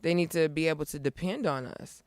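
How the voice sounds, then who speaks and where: As a guest in a relaxed interview, a middle-aged nonprofit founder speaks a little fast in a low, slightly mellow, smooth voice. She's upbeat and emphatic, driving her points home, and the sound is close and dry without any echo.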